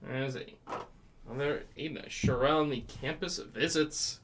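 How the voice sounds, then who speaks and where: A man's voice: mid-range voice, steady tone, a little slow, background noise. A man hosting a live card break, listing player names and chatting with viewers about sports betting. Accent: North Carolina.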